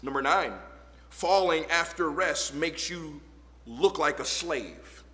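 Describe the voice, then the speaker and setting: A man preaching from the pulpit with a high, bright voice, taking his time and pausing between phrases. He swings from quiet asides to shouted lines and reads scripture in old-fashioned wording. The sound carries the long echo of a church hall. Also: lively intonation. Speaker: pastor. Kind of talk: sermon. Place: church sanctuary.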